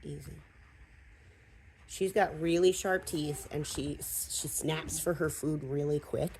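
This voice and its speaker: A woman dog trainer talking casually through a hands-on training demonstration, with fillers and quick asides to the dog. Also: low-pitched, a little mellow, a little hiss or hum.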